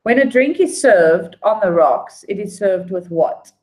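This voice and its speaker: A woman hosting a casual trivia night, reading each question slowly and twice, with laughing apologies and humming between questions. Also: medium pitch, lively intonation, a little mellow, rough recording. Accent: non-local accent. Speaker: trivia quiz host.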